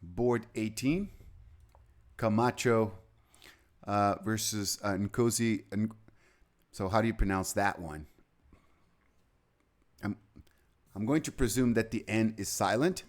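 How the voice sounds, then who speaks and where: A man's voice: lowish voice, slow, long pauses. A man giving live chess commentary, rambling and chatty, with anecdotes between moves.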